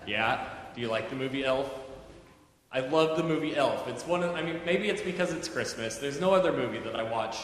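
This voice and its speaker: A man, a pastor, giving a chatty children's moment in a church service, gently asking the children questions. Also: mid-range voice, expressive, fairly quick. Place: church sanctuary. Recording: very echoey church hall, faint noise.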